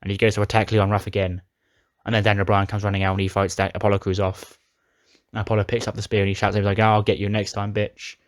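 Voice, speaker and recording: A man's voice: on the low side, flat delivery, quick pace, no room sound, studio quality. A man casually recapping his playthrough of a wrestling sim game, retelling storylines with dramatic flair. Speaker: gaming YouTuber.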